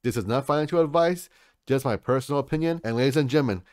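Male crypto vlogger, mid-pitch, pushy and salesy, talks to "folks", close dry mic. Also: quick pace, darkish tone, dry recording. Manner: salesy, keeps calling viewers folks. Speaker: crypto channel host. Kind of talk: hyped market commentary.

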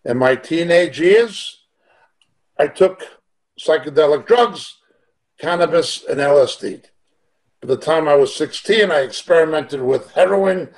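A man's voice: a little high, animated, a little slow. A middle-aged man teaching the Bible over a video call, earnest and emphatic, asking rhetorical questions as he preaches.

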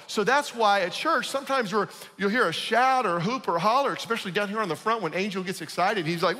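A pastor giving a conversational, emphatic sermon, often checking in with the congregation. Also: male voice, sits high, a little fast, few pauses, bright, forceful tone, in a large hall. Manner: conversational, emphatic, asks "right?".

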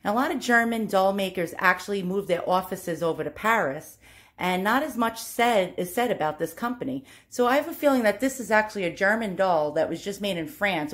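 Chatty New York woman showing antiques. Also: medium pitch. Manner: chatty, self-deprecating, laughs often. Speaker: antique doll collector. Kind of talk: casual show-and-tell. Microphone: handheld phone camera.

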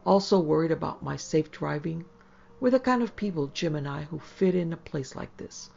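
A woman reading the lines of a proud, brisk city wife who has moved to the country, in a prim, commanding manner. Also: sits low, vocal fry, warm tone, heavily acted. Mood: musing, proud. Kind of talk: audiobook character voice. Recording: slightly dull lo-fi audio.

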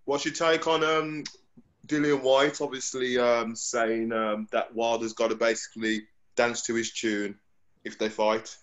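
A man's voice: mid-range voice, flat delivery, unhurried, fairly bright tone, muffled recording. A man interviewing in casual chat, asking prompting questions with hesitant ums.

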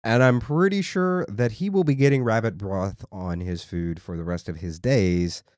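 A man hosting a podcast, chatting in a relaxed, rambling, joking way. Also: lowish voice, normal speed, no echo, clean studio sound. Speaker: podcast host. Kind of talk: casual chat.

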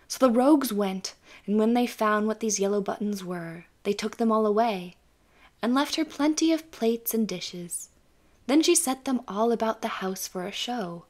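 A woman narrating a fairy tale audiobook in a calm, even storytelling manner. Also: medium pitch, moderate pace. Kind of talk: scripted bedtime story narration.

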